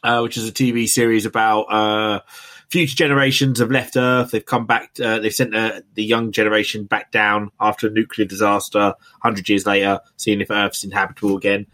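A man's voice: lowish voice, level tone, fairly quick, sharp tone. A British man chatting on a podcast in a laid-back way, hesitating and using many fillers. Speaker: podcast guest host. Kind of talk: casual chat. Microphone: remote call recording.

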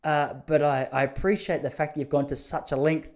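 With a fairly high, slightly mellow voice, an Australian man tells comic stories at a normal speed in an animated way. The casual monologue is chatty and rambling, and he often mocks himself.

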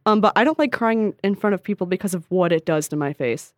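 A woman co-hosting a casual advice podcast, chatty and animated, often laughing and acting out quotes. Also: lowish voice, fast talker, dry recording, studio quality. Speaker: podcast co-host.

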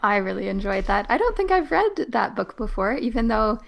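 A woman's voice: fairly high pitch, very animated, brisk, creaky. A woman co-hosting a book podcast, chatting casually and reflecting aloud on a story. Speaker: podcast co-host. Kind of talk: casual chat.

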